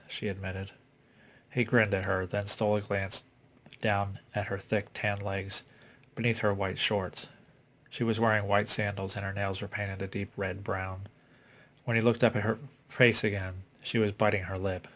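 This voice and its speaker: A man reading a suspense story aloud in a steady, unhurried way. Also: fairly low pitch. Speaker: reader. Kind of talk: audiobook story narration.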